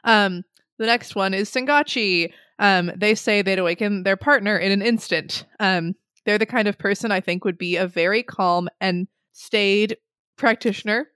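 A woman's voice: mid-range voice, moderate pace, fairly bright tone, smooth, dry recording, studio quality. A young adult woman co-hosting a podcast, reading listener submissions in a chatty, giggly way with many ums. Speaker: podcast co-host.

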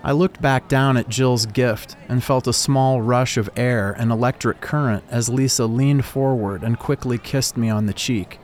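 A man narrating a first-person story in a calm, reflective way. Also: medium pitch, normal speed, few pauses, a little hiss or hum.

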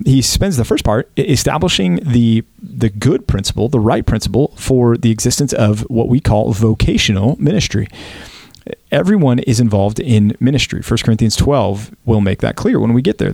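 A man from Texas, a pastor co-hosting a casual Bible podcast, explaining passages in a relaxed way and laughing easily. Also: mid-range voice, creaky, no echo.

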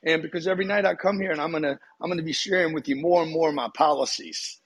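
A man's voice: fairly high pitch, fast talker, breathy edge. A man speaking as a guest in a live debate room, confident and promotional, urging listeners to join. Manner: confident, promotional, hyping the audience.

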